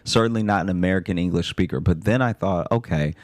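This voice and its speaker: Casting: male podcast host, very deep voice, dry comic reading of listener mail, close dead-dry mic. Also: fast talker, no echo.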